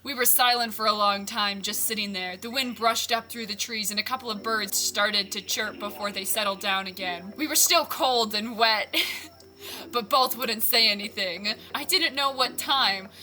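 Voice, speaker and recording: A woman's voice: on the high side, bright, forceful tone. A young woman reading her own old story aloud for comedy, stopping often to laugh at herself and mock the writing. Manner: laughs at herself, self-mocking, breaks off mid-line. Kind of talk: comedic read-aloud with commentary. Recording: music playing underneath.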